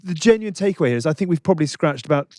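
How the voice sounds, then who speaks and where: Higher-voiced English man co-hosting a podcast. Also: animated, rapid-fire, a little mellow, dry recording, studio quality. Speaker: podcast co-host. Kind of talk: casual chat.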